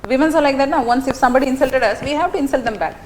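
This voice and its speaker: A woman's voice: high voice, racing, slight background noise. A middle-aged woman giving a classroom lecture, telling stories animatedly with many fillers and tag questions. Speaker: teacher.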